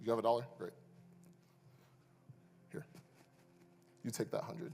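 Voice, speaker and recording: A man preaching a sermon as pastor, moving between hushed asides and loud, impassioned climaxes. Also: on the low side, level tone, a little slow, creaky, slightly rough. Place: church sanctuary. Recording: long reverb, faint music behind.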